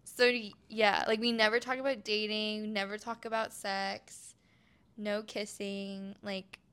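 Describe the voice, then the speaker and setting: A woman's voice: medium pitch, unhurried, clean tone. A woman in her twenties from Oregon, telling a personal story frankly and animatedly as a podcast guest. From Oregon, USA. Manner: frank, animated, drops into quoted voices.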